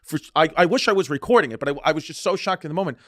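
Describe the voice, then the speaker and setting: A man co-hosting a comedy podcast, spinning loose, swearing anecdotes full of restarts. His voice sits a little high, and the recording is dry and close. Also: expressive, rapid-fire, fairly bright tone, dry recording. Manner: rambling, swearing, restarts, laughing retellings. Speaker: podcast co-host. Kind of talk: casual comedic storytelling.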